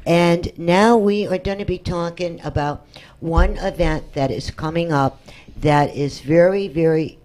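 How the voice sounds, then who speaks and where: A woman's voice: low voice, darkish tone. Bubbly woman radio show host. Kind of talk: casual radio talk show chat.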